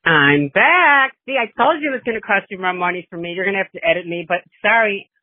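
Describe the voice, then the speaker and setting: A woman's voice: mid-range voice, racing, no room sound. A middle-aged woman leaving a long, chatty voice message, gushing and rambling. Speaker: listener calling in with a voice message. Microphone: phone. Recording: tinny phone line.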